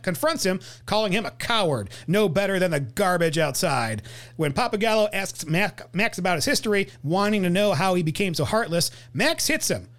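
Animated podcast host, a man. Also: sits high. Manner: animated, laughs often, reads recap. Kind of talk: casual chat and plot recap.

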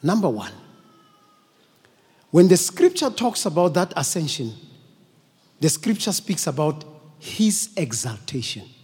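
Bishop preaching, slow and emphatic, fairly high voice, reverberant church hall. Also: male voice, very animated, darkish tone, slightly rough. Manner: emphatic, repetitive, call-and-response. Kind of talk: sermon. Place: church service.

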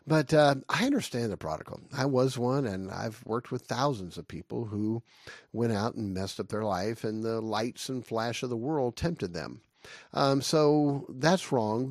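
Preacher guy w a gravelly voice, lots of uhs and ums, acts out the story, dry close sound. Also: mid-range voice, no echo. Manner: animated storytelling with many fillers, acts out the Bible characters. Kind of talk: sermon.

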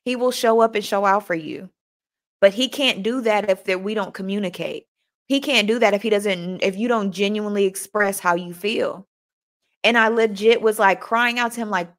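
A young woman hosting a motivational live chat, animated and talking straight to her listeners, often repeating herself. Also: medium pitch, moderate pace. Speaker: host.

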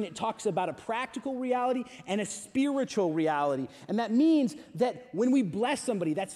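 Youth pastor, male, animated storyteller sermon, echoing church hall. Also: high voice. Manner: animated, swings from loud excitement to hushed reflection. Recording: long hall reverb.

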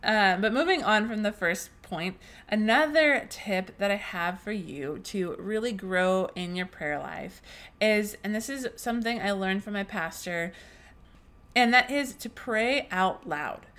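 A woman's voice: mid-range voice, animated, a little slow, fairly bright tone. A young woman hosting a faith podcast, telling a personal story in an earnest, emotional way, with many restarts and fillers. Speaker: podcast host.

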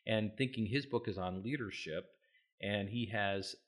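A man's voice: lowish voice, moderate pace. A man co-hosting a podcast, talking casually and self-deprecatingly, with frequent restarts. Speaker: podcast co-host.

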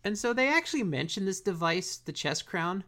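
A woman's voice: medium pitch, sing-song, normal speed, a bit bright. A young woman co-hosting a podcast, recapping a cartoon episode in slangy, laid-back casual chat that often trails off. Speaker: podcast co-host.

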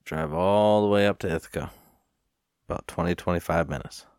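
Low-voiced man, rambling profane vlog rant, dry close sound. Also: brisk, darkish tone, dry recording. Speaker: vlogger. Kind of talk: casual storytelling rant.

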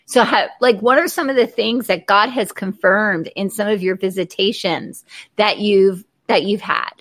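A woman's voice: mid-range voice, moderate pace, a bit bright, no room sound. A woman hosting an interview, talking earnestly, citing scripture and often using "like" as a filler. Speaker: interview host. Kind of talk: casual interview chat.

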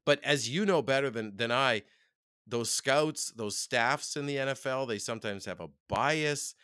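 A man from Canada co-hosting a casual football talk show. His delivery is excitable and animated, with frequent laughs and sudden jumps up in pitch. The sound is dry and close. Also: moderate pace, clean tone, dry recording. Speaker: podcast co-host. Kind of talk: casual sports chat.

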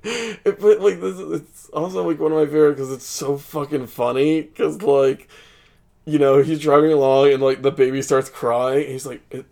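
Casual podcast co-host, male, gravelly voice, laughs a lot while retelling scenes. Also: on the high side, moderate pace. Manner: animated storytelling, laughs often, acts out quotes. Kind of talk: casual chat.

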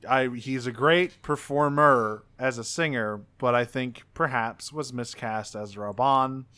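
Bright, smooth-voiced man chatting casually. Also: medium pitch, measured pace. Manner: reads off cast credits with dry asides. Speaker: podcast co-host. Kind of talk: casual chat about game voice actors.

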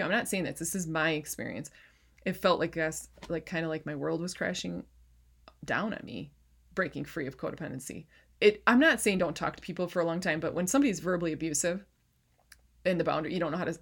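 A woman with a fairly low voice gives a heartfelt faith testimony as a life coach. She talks casually but fervently, slipping into preaching and calling her listeners "you guys" and "baby." She sounds emotional, close to tears.

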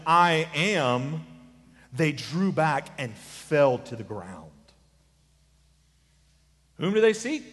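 A man preaching an expository sermon, swinging from quiet asides to emphatic lines, mixing in casual remarks. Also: on the high side, big-room sound. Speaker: pastor.

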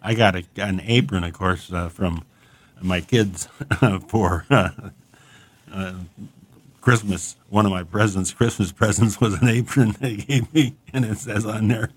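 Low-voiced man, teasing and laughing. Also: fairly even intonation, unhurried. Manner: easygoing, laughs often, teasing. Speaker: co-host. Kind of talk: casual chat.

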